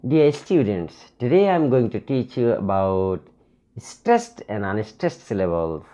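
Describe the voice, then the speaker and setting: Slow-speaking man teaching English. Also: medium pitch, a little mellow. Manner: slow, deliberate dictation, repeating words as he writes. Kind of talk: classroom lesson at a whiteboard.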